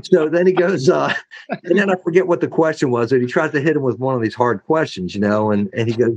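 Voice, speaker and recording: A man's voice: medium pitch, quick pace, a little mellow, slightly rough, dry recording, lo-fi sound. A middle-aged man, a former sheriff, telling stories as an interview guest, rambling with many fillers and restarts and acting out what others said. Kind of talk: storytelling in an interview.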